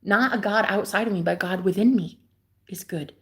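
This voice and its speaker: A young woman livestreaming from a backyard, talking in an excitable, gushing way that jumps between loud exclamations and hushed whispers. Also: mid-range voice, moderate pace. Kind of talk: casual livestream chat. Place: outdoors in a backyard.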